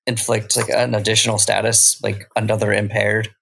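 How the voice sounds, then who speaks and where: A man's voice: fairly low pitch, little pitch movement, moderate pace, gravelly, fairly bright tone, slightly rough. A man player working through his moves hesitantly, with fillers. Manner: hesitant, laughing. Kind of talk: casual game chat.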